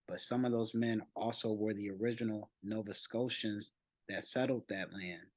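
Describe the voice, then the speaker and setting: A man with a fairly low voice reads an article aloud and comments on it as he goes. He speaks unhurriedly, restarting phrases and using fillers. The sound is dry and close, with no room in it. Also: steady tone, normal speed, dry recording, low-quality recording. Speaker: channel host.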